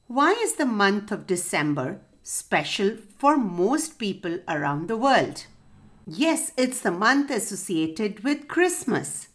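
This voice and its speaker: Slow, lively storytelling woman. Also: medium pitch. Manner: gentle, expressive, lilting read-aloud delivery. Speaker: children's story podcast host and narrator. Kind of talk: storytelling for young children.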